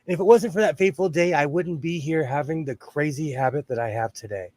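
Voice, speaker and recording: A man's voice: fairly high pitch, fast, darkish tone, no room sound. A middle-aged man with a Southern Californian accent hosts a casual sewing livestream, greeting viewers by name.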